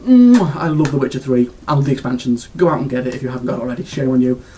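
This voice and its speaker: A man's voice: mid-range voice, fairly even intonation, very fast, a little mellow, a little hiss or hum. A British man giving a casual video game review, gushing and rambling with lots of restarts and fillers.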